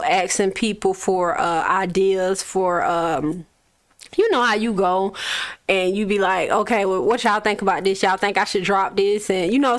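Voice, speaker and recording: A young adult woman from Florida, a recording artist telling her story in a relaxed, casual interview, laughing often and swearing freely. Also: mid-range voice.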